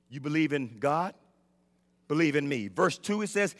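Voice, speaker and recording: A middle-aged man preaching a sermon with passion, swinging between shouts and hushed tones, often stumbling and restarting his words. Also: a little high, animated, normal speed, pauses often. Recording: long church hall reverb.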